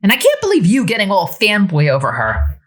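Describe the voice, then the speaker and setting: A woman's voice: mid-range voice, huge pitch swings, fairly quick, pitched above the performer's own voice. A woman voicing a heartbroken, hot-tempered divorcee who growls back in anger, in a story read aloud. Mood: heated, defensive. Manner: growling, huffy.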